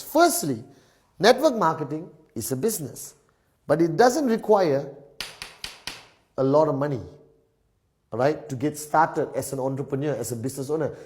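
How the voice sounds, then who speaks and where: Emphatic man with a lively presenter's voice. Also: fairly high pitch. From Malaysia. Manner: punctuates phrases with a repeated "all right?"; animated, emphatic lister. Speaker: network marketing presenter. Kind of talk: whiteboard business presentation.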